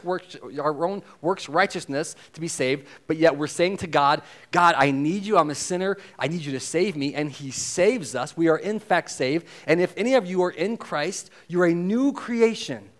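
Male pastor, higher-pitched, chatty sermon delivery with slow, weighted emphasis. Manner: conversational preaching, slowing down to stress key phrases.

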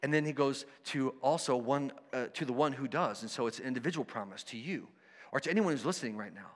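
A man preaching a sermon, conversational and animated, acting out the voices of people in his stories. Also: medium pitch, fast talker, big-room sound. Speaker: pastor.

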